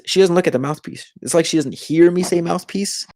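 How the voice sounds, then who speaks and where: A young man co-hosting a casual podcast, telling a story in an animated way and acting out what others said. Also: fairly high pitch, fairly quick, dry recording, studio quality. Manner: animated, acts out quoted voices. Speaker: podcast co-host.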